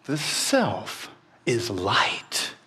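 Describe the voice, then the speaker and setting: A man voicing a calm spiritual teacher, speaking slowly and softly in a measured way. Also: mid-range voice, slightly rough, heavily acted. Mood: calm teaching. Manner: slow, measured, softly spoken. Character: stern, earnest male spiritual teacher, calm.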